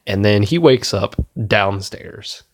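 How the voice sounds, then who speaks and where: A man's voice: on the low side, lively intonation, slow. A man giving a casual spoken movie review, rambling and swearing enthusiastically as he retells scenes. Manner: rambling, profane, enthusiastic, laughs at his own retelling.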